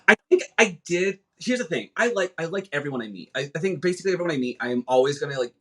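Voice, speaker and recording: A man's voice: a little high, expressive, fast, noisy background. A young man who is a podcast guest, speaking candidly with swearing and frequent restarts in casual chat. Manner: candid, profane, rambling with restarts.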